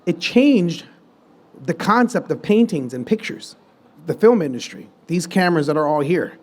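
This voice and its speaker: A man with a slightly higher voice talks on a live stage in front of an audience. He tells stories loosely, restarting sentences and acting out the voices of the people he quotes with big jumps in energy. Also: moderate pace. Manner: animated storytelling, acts out quoted dialogue. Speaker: guest musician and producer. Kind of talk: live podcast conversation.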